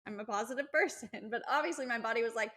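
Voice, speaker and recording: A young woman co-hosting a podcast, telling personal stories in a chatty, animated way. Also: a little high, fast talker. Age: young adult. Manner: chatty, animated storytelling with acted-out quotes. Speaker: podcast co-host. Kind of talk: casual podcast chat.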